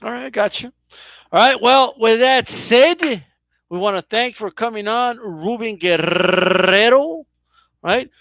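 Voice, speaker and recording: A man hosting a comic interview, teasing his guest and repeating a jab in slow, drawn-out words. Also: extremely high pitch, vocal fry, fairly bright tone, no room sound. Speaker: host.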